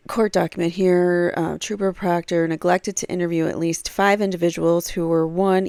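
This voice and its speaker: Woman talking true crime, kinda gravelly voice, lots of ums while she reads stuff out, dry close sound. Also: sits low, a little mellow, dry recording. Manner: reads aloud with frequent fillers and asides. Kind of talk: casual commentary reading from a blog.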